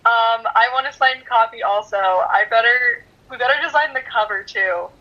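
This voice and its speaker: A woman's voice: on the high side, moderate pace, highs cut off. A woman on a video call speaking playfully and enthusiastically, with filler words. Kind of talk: casual message on a video call.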